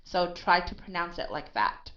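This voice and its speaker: Pronunciation tutor, woman, lowish voice, patient and repetitive, dull lo-fi sound. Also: lively intonation, a bit bright. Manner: patient, drills sounds slowly and repeats them. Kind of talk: one-on-one accent coaching. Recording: dull lo-fi recording.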